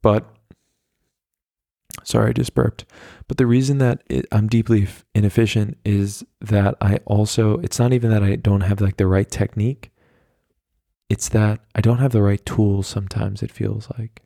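A young man rambles through a solo podcast in a low, gravelly voice that stays flat and even. His tone is dark and mellow, and he pokes fun at himself. The sound is dry and close, with no room echo. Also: normal speed. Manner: rambling, self-deprecating, chatty with many fillers. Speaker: podcast host. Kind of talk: casual solo podcast monologue.

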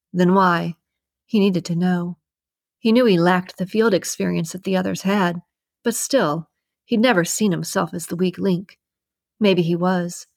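Low-voiced woman narrating a novel. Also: vocal fry, darkish tone, no room sound, clean studio sound. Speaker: audiobook narrator. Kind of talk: scripted narration.

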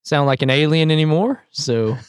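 A man's voice: on the high side, normal speed, smooth, no echo, studio quality. A young man, a student, co-hosting a podcast and chiming in with short remarks about football. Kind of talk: casual sports chat.

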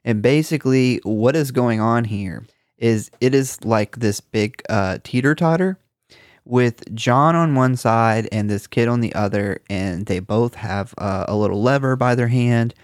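A man's voice: mid-range voice, unhurried, dry recording, clean studio sound. A man co-hosting a casual horror movie podcast, recapping the plot with lots of swearing and laughter. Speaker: podcast co-host.

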